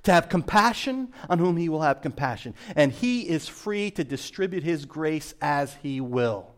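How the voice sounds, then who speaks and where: A male pastor preaching with a slightly high, very animated voice. He jumps from loud emphatic bursts to quiet, hushed asides. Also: normal speed. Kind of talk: sermon.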